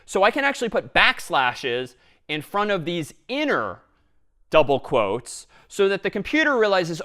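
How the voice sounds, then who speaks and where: Lively male programming lecturer. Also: on the high side, moderate pace. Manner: explains step by step, lively and engaged. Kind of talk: university lecture with live coding.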